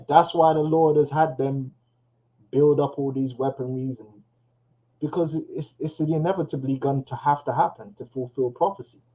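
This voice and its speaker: A man's voice: a little high, dark tone, lo-fi sound. A man giving loose, slangy commentary on news clips, chuckling now and then. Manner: loose, slangy, laughs to himself. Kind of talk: casual commentary on played clips. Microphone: headphones on.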